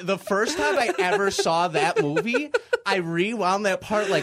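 A man's voice: high-pitched, very animated, moderate pace, hardly any pauses, fairly bright tone, a little hiss or hum. Laid-back young man chatting about horror movies. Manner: laid-back, swears freely, acts out movie lines. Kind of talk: casual chat.

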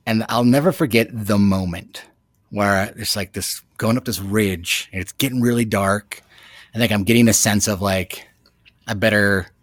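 A man guest telling a dramatic personal story in an animated way, with many restarts. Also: sits low, no room sound, studio quality. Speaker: podcast guest. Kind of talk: storytelling anecdote.

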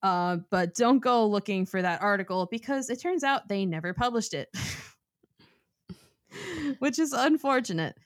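A woman's voice: on the high side, lively intonation, measured pace, pauses often. A young woman in her twenties co-hosting a podcast, chatty and self-mocking, laughing often. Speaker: podcast co-host. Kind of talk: casual chat.

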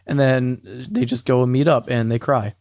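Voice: medium pitch, fairly even intonation, moderate pace, a little mellow, dry recording. Dry, rambling casual storyteller. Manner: rambling retelling, swearing, filler-heavy. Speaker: friend recapping audio logs. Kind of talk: casual chat.

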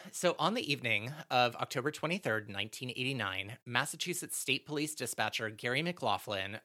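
Chatty man with a bright voice. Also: mid-range voice, lively intonation, fairly quick. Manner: chatty, many fillers and self-corrections. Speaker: podcast host. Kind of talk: casual true-crime storytelling.

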